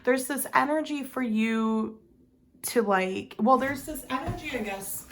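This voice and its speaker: A woman's voice: high voice, unhurried, slight background noise. A woman talking through a tarot spread in a loose, chatty way. She rambles, fills gaps with "um" and "like", and laughs lightly at herself as she goes. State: has the hiccups. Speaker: tarot reader. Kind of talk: casual tarot reading to camera.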